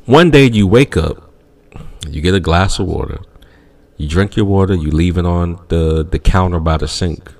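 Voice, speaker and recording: A man co-hosting a podcast, telling a comedic story in casual chat and acting out other people's voices. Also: normal speed. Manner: animated, acts out voices in shrieking high tones. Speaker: podcast co-host.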